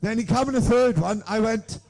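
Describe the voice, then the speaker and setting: A man's voice: extremely high pitch, fairly quick, darkish tone. A man co-hosting a live podcast, telling rambling anecdotes and swearing constantly. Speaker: podcast co-host. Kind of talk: crude live podcast storytelling. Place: live show in a room with an audience.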